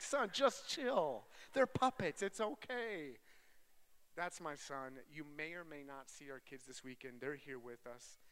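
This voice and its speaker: A man in his thirties, a traveling preacher, giving a chatty, joking sermon that turns softly earnest, to an audience in a large hall. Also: mid-range voice.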